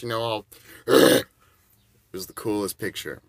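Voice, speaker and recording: A man's voice: lowish voice, normal speed, no room sound, studio quality. A man in his forties telling rambling, casual anecdotes and chuckling between bits. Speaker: storyteller.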